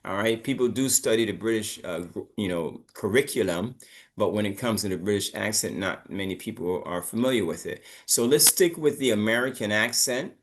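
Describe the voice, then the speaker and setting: Man teaching pronunciation, low voice. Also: fairly quick. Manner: coaching, repeats words for students to copy. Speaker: English teacher. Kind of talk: online pronunciation lesson.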